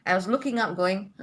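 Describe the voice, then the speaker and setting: A woman's voice: medium pitch, fairly bright tone. A woman from Malaysia hosting a spiritual livestream in a casual, chatty way, reading out viewer comments and laughing often.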